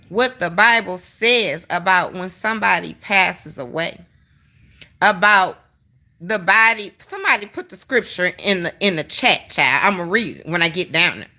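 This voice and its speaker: Animated, bright-voiced woman ranting on a livestream. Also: mid-range voice. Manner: emphatic, profane, talking straight to the viewers. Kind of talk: heated commentary rant to a live chat.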